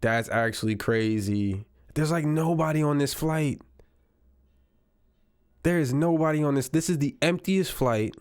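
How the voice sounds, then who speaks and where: A man's voice: fairly high pitch, measured pace, darkish tone, clean tone, no echo, studio quality. A man giving casual reaction commentary on news clips, wry and incredulous, repeating lines for effect.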